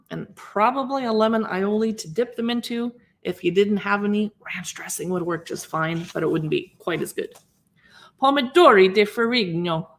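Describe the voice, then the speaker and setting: A woman in her fifties with a medium-pitched, fairly bright voice hosts a casual livestream. She pages through a cookbook, reading recipe names aloud and greeting her viewers as she chats.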